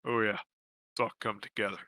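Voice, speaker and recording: Man, streamer, casual jokey chat, bright voice, dry close sound. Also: fairly low pitch, flat delivery, brisk, no echo, rough recording. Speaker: tabletop game player.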